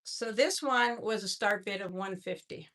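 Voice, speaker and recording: A woman's voice: medium pitch, normal speed, a bit bright. A woman hosting a live jewelry sale, chatting in an effusive way and often repeating her words. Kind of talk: casual live-stream selling.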